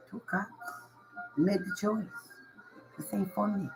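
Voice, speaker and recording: A tarot reader talks straight to the viewers in loose, slangy speech. The reader repeats key phrases and keeps a reassuring, coaching tone, with a mid-range voice. Soft music sits faintly underneath. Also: mid-range voice, unhurried, vocal fry, poor audio. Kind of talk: casual tarot reading to viewers.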